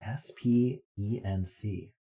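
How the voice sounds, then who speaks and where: Slow, low-voiced man thinking aloud. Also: warm tone. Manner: thinks aloud, trailing off, with ums and tries. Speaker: streamer. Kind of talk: casual live-stream chat while playing word games. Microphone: desk microphone.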